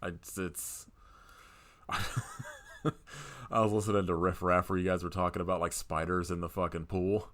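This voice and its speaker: Deep-voiced man in profane podcast chat. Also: unhurried, long pauses. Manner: profane, laughs often, animated retelling. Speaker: podcast co-host. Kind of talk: casual movie review chat.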